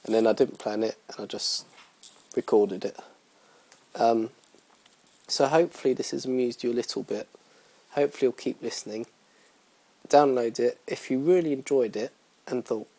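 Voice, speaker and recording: A man's voice: medium pitch, normal speed, creaky, long pauses, dark tone, husky, rough recording. A young man hosting his own podcast in casual, rambling, self-mocking chat full of fillers. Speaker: podcast host.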